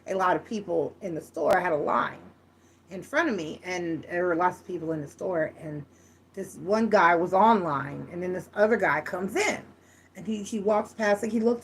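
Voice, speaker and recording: A woman's voice: on the low side, moderate pace, slight background noise. A woman giving a casual, frank tarot reading, chatty and full of restarts. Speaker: tarot reader.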